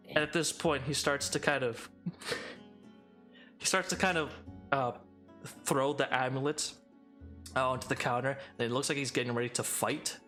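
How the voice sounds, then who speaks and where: A man narrating a tabletop game as game master, rambling with many pauses and restarts. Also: medium pitch, fairly even intonation, fairly bright tone, soft background music.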